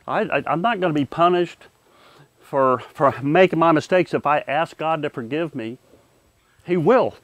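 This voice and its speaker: Older man, halting earnest testimony. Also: no room sound. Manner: halting, repeats words while searching for them; earnest, softens and drops low at serious moments. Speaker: war veteran recounting a near-death experience. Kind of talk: personal testimony.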